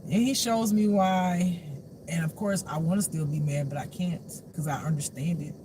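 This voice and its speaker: Spiritual teacher just talking, cussing and laughing, mid pitch, noisy hum behind. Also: fairly even intonation, normal speed. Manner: blunt, profane, laughing, swings from low mutters to shouts. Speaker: spiritual life teacher and reader. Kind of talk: casual unscripted monologue.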